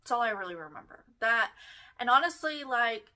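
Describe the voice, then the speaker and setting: A woman's voice: a little high, animated, moderate pace, bright, forceful tone. A young woman from Germany, a native German speaker, hosting a podcast and telling her own story in a reflective, hesitant way with many fillers. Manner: reflective, hesitant, frequent fillers and self-corrections. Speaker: podcast host. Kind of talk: casual personal storytelling.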